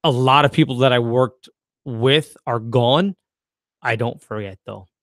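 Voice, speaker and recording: A man's voice: mid-range voice, measured pace, a bit bright, no room sound. Wry, blunt man, dry close voice. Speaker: podcast co-host. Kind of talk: casual chat.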